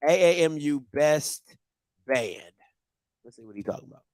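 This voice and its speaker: A man hosting a live stream, reacting loudly and excitedly to video clips. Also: fairly high pitch, normal speed, clean tone, no echo. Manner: excitable, shouting and laughing at clips. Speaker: host.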